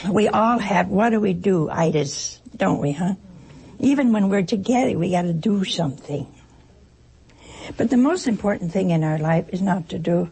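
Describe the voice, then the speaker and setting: Brief: gravelly woman with a very husky voice, folksy anecdotal speaker who plays out little dialogues. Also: lowish voice, mellow, low-quality recording. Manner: folksy, joking storyteller; acts out short exchanges in other voices. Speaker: speaker addressing an audience. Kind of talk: informal spoken talk with anecdotes.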